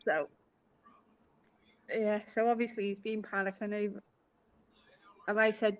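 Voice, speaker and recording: A woman's voice: mid-range voice, level tone, normal speed, pauses often. A woman from Liverpool with a Liverpool accent, telling stories in casual chat on a live stream. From Liverpool, England. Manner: chatty storyteller, acts out quoted lines. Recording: dull lo-fi live stream audio.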